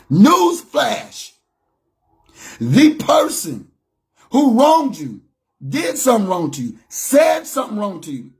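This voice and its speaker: Gravelly high-voiced man preaching on a live stream. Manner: emphatic and repetitive, preacher-like, with shouted peaks. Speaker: motivational speaker on a live stream. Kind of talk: preachy motivational live talk.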